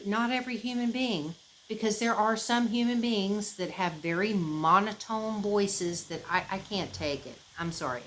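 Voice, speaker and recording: A woman from the United States, chatting casually to camera as a vlogger, rambling and expressive, with many fillers and restarts. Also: mid-range voice, a little hiss or hum, low-quality recording. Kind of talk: casual chat.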